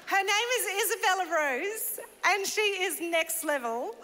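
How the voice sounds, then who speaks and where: A woman's voice: extremely high pitch, expressive, a little slow, bright, forceful tone, slight background noise. A woman pastor from Northern Ireland, preaching in a bubbly, laughing, chatty way. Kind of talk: sermon. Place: large church hall. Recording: long church hall reverb.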